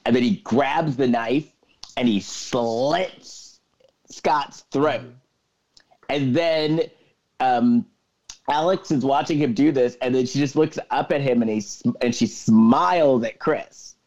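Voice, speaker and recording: Speaking a little slowly in a darkish mid-range voice, a man retells a movie plot at great length while co-hosting a casual podcast, bridging each scene with yet another "so then." The recording has its highs cut off.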